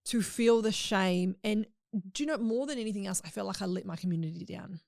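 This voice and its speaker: Woman guest spilling a personal story, lots of "like", bit of vocal fry. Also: medium pitch, fairly quick, a little mellow, no room sound, studio quality. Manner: candid, emotional storytelling with frequent "like". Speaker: podcast guest. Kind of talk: casual chat.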